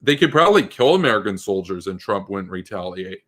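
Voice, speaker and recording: A man's voice: deep voice, big pitch swings, fairly quick, a bit bright. A man giving a political commentary monologue in an emphatic, combative way, full of rhetorical questions.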